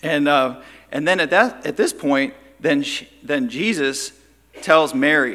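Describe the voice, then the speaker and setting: A man's voice: on the high side, a little slow, a bit bright, in a large hall. A man teaching a Bible study, telling the story and briefly acting out the quoted lines.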